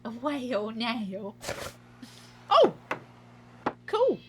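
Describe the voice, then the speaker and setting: A woman's voice: on the high side, big pitch swings, drawn-out words, music in the background. A woman streaming a game, chatting casually with a giggly, self-mocking manner. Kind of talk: casual gameplay commentary.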